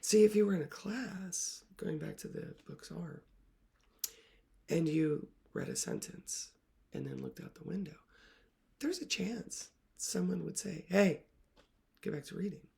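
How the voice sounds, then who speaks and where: A woman's voice: on the low side, sing-song, measured pace, creaky, dark tone. A woman literacy coach talking reflectively to camera, earnest and emotional, often dropping her voice to a near whisper.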